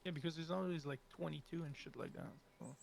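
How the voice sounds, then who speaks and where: Gravelly-voiced man, a game player. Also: a little high, quick pace, a little mellow. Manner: questioning, hesitant with fillers. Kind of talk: casual game chat.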